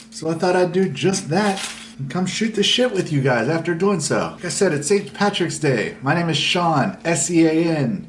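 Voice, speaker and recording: A man's voice: high-pitched, a little hiss or hum. A man from the United States hosting a casual food vlog, rambling in a laid-back way and swearing casually.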